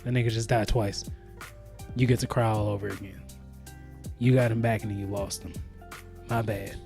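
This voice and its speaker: A man co-hosting a podcast, riffing casually in a profane, animated way. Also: fairly low pitch, normal speed, creaky, music in the background. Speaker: podcast co-host. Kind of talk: casual chat.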